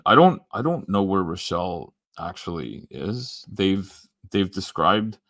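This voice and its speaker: A man's voice: deep voice, a bit bright, no room sound, clean studio sound. A Canadian man hosting a casual livestream, reading comments aloud and rambling with many restarts and ums. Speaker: livestream host.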